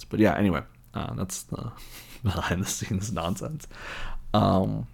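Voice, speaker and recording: A man's voice: lowish voice, unhurried, gravelly, a little mellow, breathy edge. A man casually retelling a film scene, rambling and incredulous, with lots of fillers.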